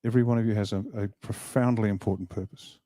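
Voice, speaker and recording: A man delivering a rousing motivational speech to a hall, emphatic and full of asides. His voice is mellow and low-toned, and the sound is dry and close. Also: fast talker. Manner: emphatic, animated, jokes with the crowd. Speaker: party leader giving a speech. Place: event hall.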